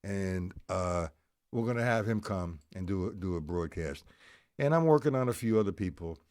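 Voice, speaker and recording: Middle-aged man, lowish voice, live drum teacher, loose, self-correcting and apologetic. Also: lively intonation, a little mellow. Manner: apologetic, rambling, full of restarts; counts and explains stickings slowly. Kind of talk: live-streamed drum lesson.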